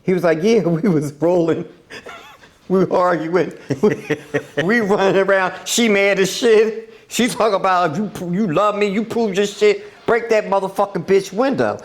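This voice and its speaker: A woman's voice: mid-range voice, unhurried. A woman podcast host telling a story in casual, profane chat, acting out quotes and laughing often.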